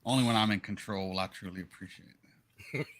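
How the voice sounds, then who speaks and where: A man's voice: fairly low pitch, quick pace, a bit bright, slight background noise. A man playing in an online tabletop game, chatting casually and teasing the others bluntly. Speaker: player.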